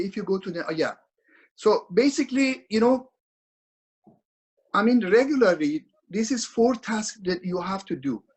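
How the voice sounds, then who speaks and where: Over a video call, a high-pitched man runs a webinar, repeating himself earnestly and often restarting his sentences as he instructs. The audio is poor.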